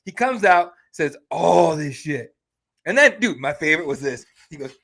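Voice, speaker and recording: Guy hosting a fight podcast, kinda high voice, swears a lot and gets animated. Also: a little fast. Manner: profane, animated storytelling. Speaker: podcast host. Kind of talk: casual podcast chat.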